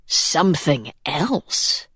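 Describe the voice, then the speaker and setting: A woman voicing a cold, menacing male monster who speaks slowly with quiet, cool politeness, for an audiobook. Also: fairly low pitch, expressive, no echo, clean studio sound. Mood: menacing calm. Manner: slow, quiet, coolly polite.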